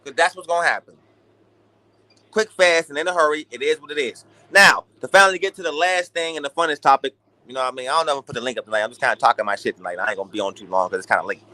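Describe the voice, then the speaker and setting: A young man hosting a boxing talk stream, ranting in an animated, profane, casual way. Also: medium pitch, very fast, no room sound. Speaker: boxing talk show host. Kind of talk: casual livestream rant.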